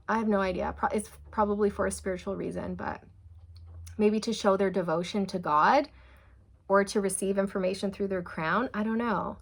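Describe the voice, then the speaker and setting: A young woman speaks directly to her audience as she works through a tarot reading. She is casual, chatty and earnest, and her voice sits at a middling pitch. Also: fairly even intonation, normal speed, vocal fry. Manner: chatty, earnest, addresses viewers as "you guys". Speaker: tarot reader.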